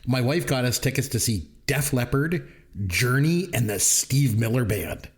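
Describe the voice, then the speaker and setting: A man's voice: medium pitch, animated, measured pace. A middle-aged Canadian man with a Canadian accent, hosting a casual podcast chat, jokey and chatty. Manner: chatty, jokey, laughs often. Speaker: podcast host.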